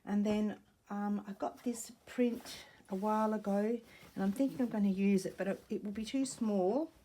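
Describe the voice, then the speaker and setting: A woman's voice: medium pitch, steady tone, normal speed, mellow. A woman chatting and thinking aloud in a casual crafting vlog at home, rambling and correcting herself as she goes. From Australia. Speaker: sewing crafter. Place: home room with a wooden floor. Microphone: camera set up nearby.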